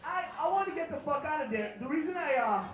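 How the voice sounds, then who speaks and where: A man from Los Angeles performing a live stand-up set in a bar, with a punchy, profane delivery that breaks into shouted bursts. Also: very high voice, animated, quick pace. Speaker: stand-up comedian and host. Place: bar stage before a live audience. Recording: echoey bar with crowd laughter.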